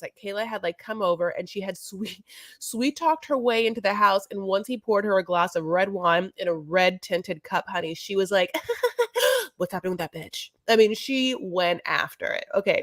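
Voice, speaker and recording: A woman's voice: mid-range voice, a bit bright, dry recording. A woman co-hosting a podcast, casually recapping a reality show in a rambling, chatty way and calling her co-host honey.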